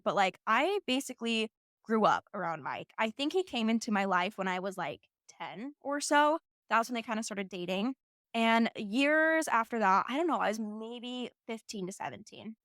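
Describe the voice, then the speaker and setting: A woman's voice: a little high, a bit bright, dry recording, clean studio sound. A young woman in her twenties hosting a podcast, telling a personal story in a casual, chatty way full of "like" fillers. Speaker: podcast host.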